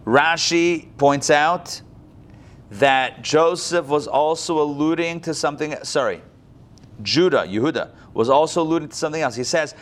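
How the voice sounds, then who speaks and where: A man's voice: a little high, lively intonation, moderate pace. A man teaching a casual Bible class, talking conversationally with many restarts.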